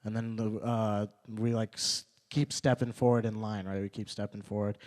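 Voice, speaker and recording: A man's voice: on the low side, little pitch movement, normal speed, darkish tone. A young man performing a stand-up comedy set at a small club open mic, telling stories loosely, repeating his lines and acting out quotes.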